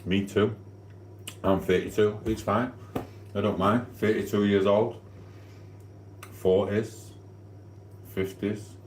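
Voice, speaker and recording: Man, deep voice, flirty rambling live-stream chat, kitchen echo, faint hum behind. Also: flat delivery, slow pace, long pauses, a little mellow. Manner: rambling, cheeky and flirty, eating while talking. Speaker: livestream host. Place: home kitchen.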